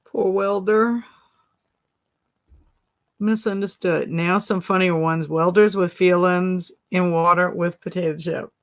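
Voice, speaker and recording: A woman's voice: lowish voice, little pitch movement, moderate pace, few pauses. A woman hosting a casual livestream, laughing often, exclaiming and reading out viewer comments. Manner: giggly, exclaims often, reads chat comments. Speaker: livestream host.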